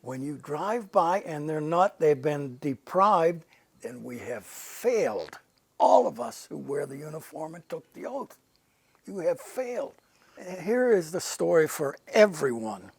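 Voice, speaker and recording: Earnest older man, slightly high voice. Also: very animated, unhurried, creaky, slightly rough, no room sound. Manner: earnest anecdotes with emphatic repetition. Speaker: interviewee, retired Air Force general. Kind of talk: casual storytelling interview.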